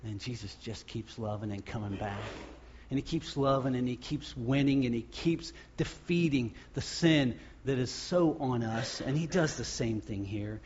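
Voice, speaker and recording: A man preaching a sermon as pastor, acting out the crowd's shouts and the quoted words. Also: mid-range voice, normal speed, dull audio, slight background noise.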